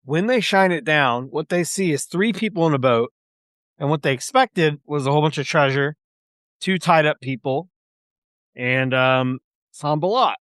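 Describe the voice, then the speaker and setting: A man's voice: a little high, normal speed, fairly bright tone, no echo, clean studio sound. A man narrating as game master of a tabletop game, rambling with many fillers.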